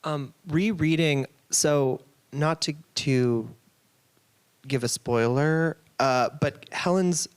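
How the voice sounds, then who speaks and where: Smooth-voiced man asking loose questions. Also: on the high side, slow. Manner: loose, searching phrasing with many "like"s. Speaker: interviewer, writer. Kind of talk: conversational interview questions.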